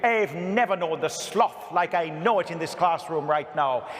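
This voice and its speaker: Man doing a stern Irish nun, high booming scold, Irish accent, church hall echo. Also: moderate pace, fairly bright tone, natural voice. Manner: ranting, booming tirade. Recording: echoey church hall reverb.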